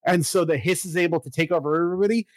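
An excitable man in casual chat, walking through a video game story with plenty of filler words and the odd curse. His voice sits a bit high for a man and sounds close and dry, with no room around it. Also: very fast, no room sound, rough recording. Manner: excitable, swears, lots of fillers. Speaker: podcast co-host recapping a video game.

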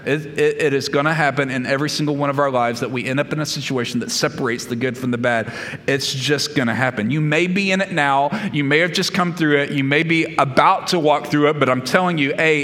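A man's voice: medium pitch, fairly bright tone. A man preaching a sermon as pastor, emphatic, repeating key phrases and laying out numbered points. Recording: long reverb of a large hall.

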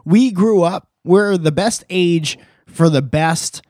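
A man's voice: high voice, takes it slowly, a little mellow, no echo. Guy on a podcast rambling thru a story, stops n fixes himself a lot, really dry close mic. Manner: rambling, self-correcting storyteller. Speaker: podcast host. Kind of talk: casual storytelling chat.

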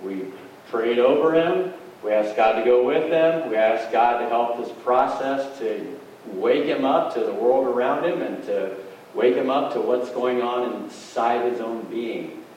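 A middle-aged man tells a homespun story from the pulpit in a plain, conversational way, at an ordinary pitch for a man. His voice comes from some way off the mic and rings around a very echoey hall, with a faint hiss underneath. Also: unhurried, a little mellow, distant mic, lo-fi sound. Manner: folksy, conversational, plain-spoken. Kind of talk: storytelling sermon.

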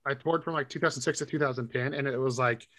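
A man's voice: mid-range voice, fast talker, bright, forceful tone. A man with a Californian accent, chatting casually as a podcast host, slangy and swearing freely. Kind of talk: casual chat.

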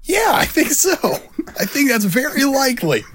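A man playing a busy middle-aged male shop-owner filmmaker, gruff and profane in an improvised podcast bit. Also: very high voice, very animated, moderate pace, fairly bright tone, voice pushed up, heavily acted. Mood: scoffing.

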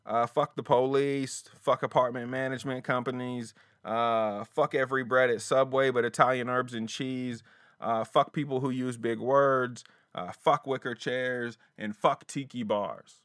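A man voicing a laid-back male caller who slowly lists his complaints in a deadpan tone. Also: medium pitch, no echo, studio quality, close to an everyday voice. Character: laid-back male caller ranting about pet peeves.

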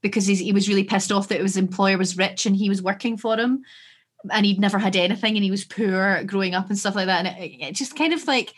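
A woman's voice: mid-range voice, slightly rough. Sweary Scottish podcast co-host woman. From Scotland. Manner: animated, sweary, quick asides. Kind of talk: casual podcast chat.

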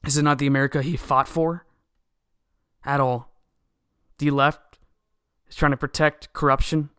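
A man's voice: mid-range voice, level tone, normal speed, fairly bright tone, clean tone, no room sound, studio quality. A man hosting a podcast, delivering an indignant, heated political monologue that keeps circling back to the same complaints. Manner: heated, indignant, repetitive ranting. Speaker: podcast host.

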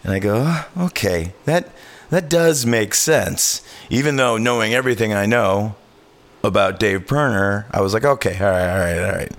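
A man's voice: on the low side, lively intonation, moderate pace. A man hosting a podcast, telling a road story in casual chat, acting out quotes and swearing freely. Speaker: podcast host.

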